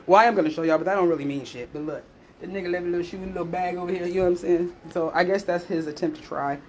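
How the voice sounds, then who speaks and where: Fast-talking candid woman vlogger. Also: fairly low pitch, slight background noise. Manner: candid, profane, animated retelling with quoted voices. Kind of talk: casual storytelling chat.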